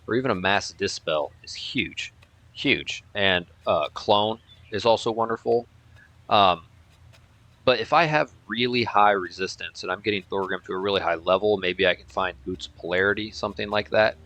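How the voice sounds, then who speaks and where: A man's voice: sits low, bright, forceful tone. A man thinking aloud in casual let's-play commentary, rambling and teasing his own units. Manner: rambling, thinking aloud, playful name-calling. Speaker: gameplay commentator.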